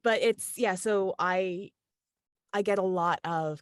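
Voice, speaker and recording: A woman with a lowish voice and an easygoing Southern lilt talks through an interview in a loose, chatty way, full of little fillers. The sound is dry and close, with no room around it. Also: takes it slowly, no room sound. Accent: Southern US cadence. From Kentucky. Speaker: audiobook narrator and voice actor. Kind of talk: casual interview chat.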